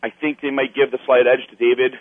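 A man's voice: medium pitch, quick pace, no room sound. Storytelling man over a tinny phone line. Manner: animated storyteller, acts out quotes, swears. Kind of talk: casual chat.

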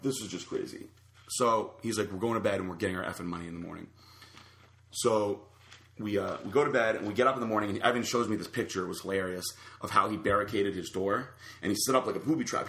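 A man's voice: lowish voice, reverberant. A man casually telling a long anecdote, acting out the other people's lines. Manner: animated storyteller acting out quotes. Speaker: storyteller guest.

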